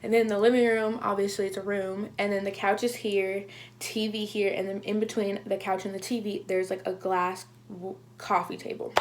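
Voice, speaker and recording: A young woman vlogging a casual storytime, animated and full of "like", acting out what people said. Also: mid-range voice, normal speed, slight background noise. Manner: animated, heavy use of "like", acts out quotes.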